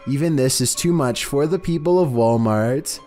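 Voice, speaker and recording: A man with a steady, mid-pitched voice reads a spooky countdown script in a flat monotone. His delivery stays even and unhurried throughout, with faint music playing underneath. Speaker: countdown video narrator. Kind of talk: scripted narration. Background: faint background music.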